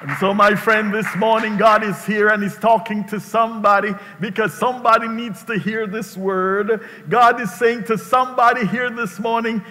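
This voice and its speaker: A man preaching a sermon as pastor, emphatic and rising to shouted call-and-response, in a church sanctuary. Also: sits high, steady tone, normal speed, hardly any pauses. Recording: long reverb of a large hall.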